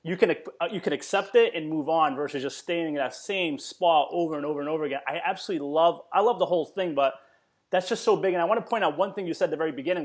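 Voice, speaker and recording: Male host, quick delivery, enthusiastic, slightly high voice. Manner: enthusiastic, effusive praise. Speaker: podcast host. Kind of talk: interview.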